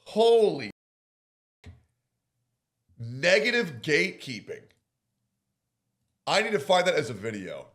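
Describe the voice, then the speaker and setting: Slow, animated streamer reacting. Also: male voice, fairly high pitch. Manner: blunt, slangy, interjecting. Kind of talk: reaction commentary.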